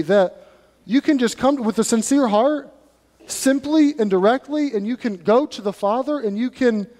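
A male pastor giving a sermon in an animated, conversational way, with acted asides, in a church sanctuary. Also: sits high, long reverb tail.

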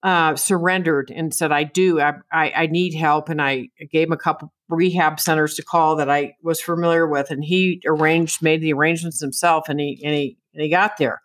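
A woman's voice: sits low, steady tone, moderate pace, few pauses, dry recording. A woman guest speaking earnestly and reflectively in conversation. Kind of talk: casual conversation.

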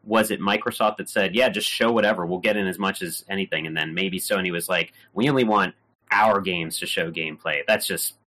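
Very deep but sharp-sounding guy, blunt gaming podcast chat, swears a bit. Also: fairly quick. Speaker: podcast co-host.

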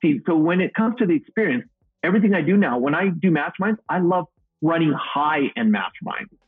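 Man, middle-aged, motivational speaker, upbeat storyteller, husky, phone-quality line. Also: a little high, expressive, brisk, no room sound. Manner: upbeat, self-described goofball, acts out quotes. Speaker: guest, motivational speaker and trainer. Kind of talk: energetic storytelling interview answer. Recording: tinny phone-like remote call audio.

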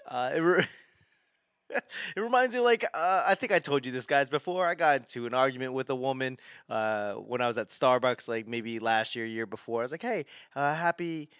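A man talking casually and jokingly to his listeners, rambling, swearing freely and jumping between loud and quiet asides. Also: mid-range voice, clean tone, no room sound, studio quality. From Chinese heritage. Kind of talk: casual comedic monologue.

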